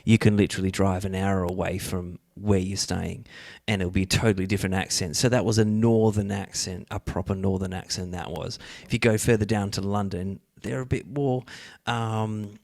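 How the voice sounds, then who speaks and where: A man hosting a casual podcast chat, leading the show with chatty talk and drawn-out ums. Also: sits low, fairly even intonation, darkish tone, no echo, clean studio sound. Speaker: podcast host.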